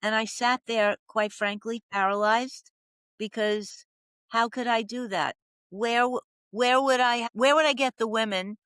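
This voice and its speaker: A woman's voice: on the high side, fairly bright tone, clean tone, no room sound. Dramatic New woman storyteller. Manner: dramatic storyteller acting out quoted voices. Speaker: podcast guest, professional coach. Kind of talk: storytelling interview.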